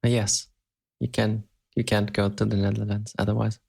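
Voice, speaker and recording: A man's voice: lowish voice, little pitch movement, normal speed, vocal fry, a little mellow, husky. A man from Europe co-hosting a podcast, chatting casually, hesitant and laughing often. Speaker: podcast co-host. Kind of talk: casual chat.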